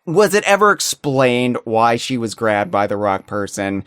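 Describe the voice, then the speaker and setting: A man co-hosting a podcast in casual chat, talking in a rambling, animated way with many restarts. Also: mid-range voice, unhurried, smooth, no echo. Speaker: podcast co-host.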